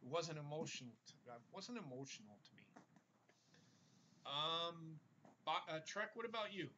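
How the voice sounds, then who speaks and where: A man's voice: on the high side, lively intonation, moderate pace, pushed and bright, lo-fi sound, a little hiss or hum. A man hosting a casual podcast, talking bluntly and rambling with the odd curse word. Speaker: podcast host. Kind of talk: casual wrestling podcast chat.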